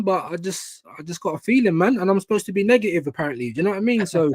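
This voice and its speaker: A young man who is a guest pundit on a live stream, giving blunt opinions in an animated, slangy way. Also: high-pitched, racing. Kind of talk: casual live-stream chat.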